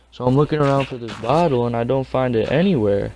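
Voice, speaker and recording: A man's voice: medium pitch, fast, a little mellow, slight background noise. A young man casually telling a rambling, slangy story. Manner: rambling, slangy, laid-back.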